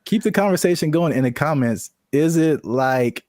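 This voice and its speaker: Lively young male podcast co-host. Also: fairly high pitch, normal speed, dry recording, studio quality. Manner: laughs often, playful and teasing. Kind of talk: casual podcast banter.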